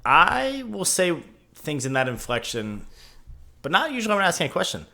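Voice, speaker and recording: Lively, bright-toned young podcast host. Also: male voice, sits high, moderate pace, creaky. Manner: playful, jokey, sings out goodbyes. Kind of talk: casual chat.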